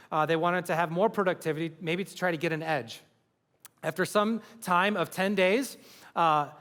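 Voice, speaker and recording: A man's voice: high-pitched, fairly bright tone, big-room sound. A man preaching a sermon as pastor, earnest and building to passionate emphasis. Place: large church hall.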